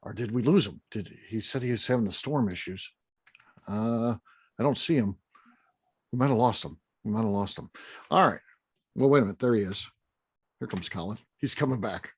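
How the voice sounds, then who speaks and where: A man's voice: fairly low pitch, normal speed, pauses often, husky. A man hosting an online whiskey tasting, friendly and affirming. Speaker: host.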